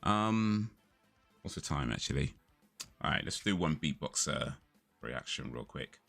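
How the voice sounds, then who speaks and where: Deep-voiced rambling male streamer. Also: very animated, unhurried, gravelly, fairly bright tone, soft background music. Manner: rambling, storytelling, laughs often. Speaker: live streamer. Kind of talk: casual chat to stream.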